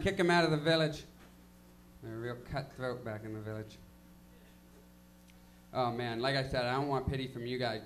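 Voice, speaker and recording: Young stand-up guy, high and bright, rambling self-deprecating delivery on a stage mic. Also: a little hiss or hum. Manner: self-deprecating, loose, filler-heavy delivery. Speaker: stand-up comedian. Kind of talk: stand-up comedy set. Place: comedy lounge stage.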